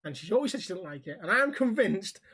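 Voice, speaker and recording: A man's voice: high-pitched, sing-song, fast, a bit bright. A man from Liverpool with a Scouse accent, co-hosting a casual podcast chat, swearing freely and acting out dialogue as he tells stories. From Liverpool, England. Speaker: podcast co-host.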